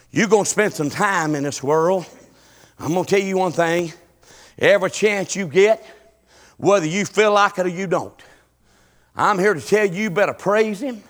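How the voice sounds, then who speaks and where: A middle-aged man preaching a sermon, swinging between shouted peaks and low, quiet passages. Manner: shouting, rising and falling Southern preaching cadence.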